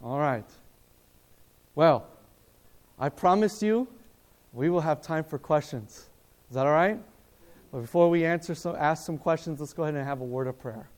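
High-voiced, animated male preacher. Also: moderate pace. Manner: animated, acts out dialogue, asks the audience questions. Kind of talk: storytelling sermon at a seminar. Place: seminar room in a hotel.

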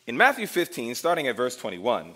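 A man's voice: mid-range voice, wildly swooping pitch, fairly quick, a bit bright. A man preaching a sermon, dramatic, asking the congregation questions and acting out the scenes he describes.

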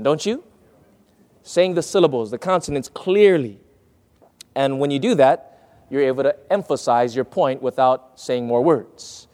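Lively high-voiced preacher man. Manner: emphatic, asks the audience questions, stretches key words. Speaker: preacher teaching on speaking. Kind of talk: sermon-style lesson.

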